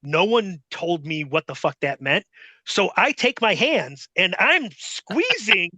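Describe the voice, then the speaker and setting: A middle-aged man telling a story as a guest in a casual chat, profane and rambling, with animated retellings. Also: high voice, slow, no echo.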